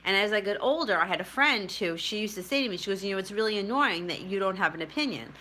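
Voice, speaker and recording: A middle-aged tarot reader and spiritual vlogger tells a personal story to the camera, chatty and rambling, often laughing at herself. She talks fast in a mid-range voice that sounds pushed and bright, with lively intonation.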